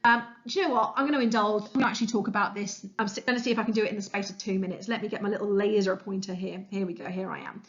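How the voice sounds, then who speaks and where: A woman's voice: medium pitch, fairly even intonation, very fast, hardly any pauses, a bit bright, dull audio. A woman history teacher giving an enthusiastic, chatty revision lesson as a voice-over, with frequent fillers. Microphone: voice-over over slides.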